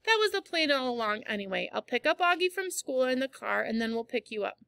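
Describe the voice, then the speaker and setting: A woman's voice: high-pitched, very animated, fairly quick, creaky, sharp tone, smooth, dry recording, clean studio sound, full character voice. A woman reading a novel aloud, voicing an anxious, apologetic mother in an ordinary voice. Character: worried mother of a teenage girl.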